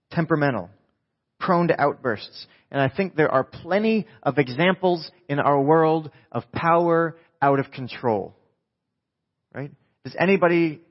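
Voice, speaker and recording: A married man preaching a conversational sermon to a live congregation, lively and jokey, often quizzing the audience with quick questions. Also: fairly high pitch. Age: adult, married with a wife. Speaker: pastor. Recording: dull lo-fi sound.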